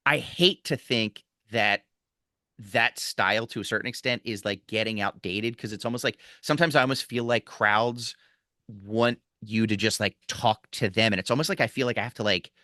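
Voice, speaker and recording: Comic guy in his 40s from philly, bright punchy voice, rambles thru stories, dry close mic. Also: fairly low pitch, moderate pace, no room sound. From Philadelphia. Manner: rambling, animated storytelling with many restarts. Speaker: guest comedian. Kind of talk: casual podcast chat.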